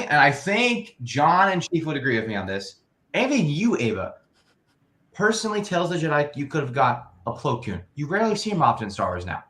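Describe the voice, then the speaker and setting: A man talking loosely and at length, filling his points with "you know" and "like". His voice sits at an ordinary middle pitch and carries a noticeable echo from the room around him. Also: fairly bright tone. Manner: rambling, lots of "you know". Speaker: podcast co-host. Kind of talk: casual chat.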